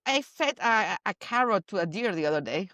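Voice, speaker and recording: A woman from Spain with a Spanish accent, hosting a podcast and telling stories in an animated, playful way. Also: mid-range voice, fairly quick, no echo. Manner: animated storyteller, playful asides. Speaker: podcast host. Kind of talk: casual chat.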